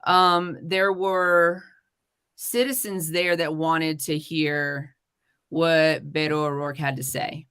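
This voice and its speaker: A woman's voice: sits low, steady tone, takes it slowly, fairly bright tone, smooth. A woman hosting a live-streamed talk show, talking in a heated, swearing rant before turning to her guest. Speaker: podcast host.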